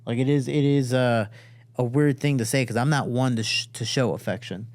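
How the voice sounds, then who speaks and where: A man's voice: medium pitch, brisk, darkish tone, dry recording. Swearing storyteller man, dry studio sound. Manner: profane, acts out quoted voices. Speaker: podcast host and fighter. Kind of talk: casual storytelling.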